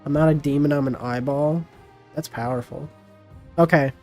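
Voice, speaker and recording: A man hosting a live stream, talking casually to his viewers and calling out bids in a quick auctioneer patter. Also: on the high side, steady tone, dark tone, soft background music. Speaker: streamer hosting a game with chat.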